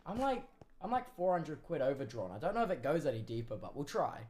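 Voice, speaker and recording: A young man co-streaming a game, chatting casually with quick, excitable exclamations. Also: a little high, crowd noise. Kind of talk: casual gaming chat.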